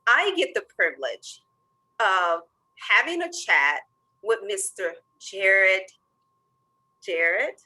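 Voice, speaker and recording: An energetic woman from the American South moderating a webinar and introducing her guest with enthusiasm. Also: medium pitch, slow pace, long pauses, rough recording.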